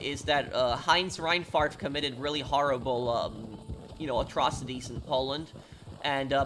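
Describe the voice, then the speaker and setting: Halting man streamer over noisy game audio. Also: medium pitch, pushed and bright. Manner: halting, many fillers and restarts, answers chat questions. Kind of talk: casual live-stream chat.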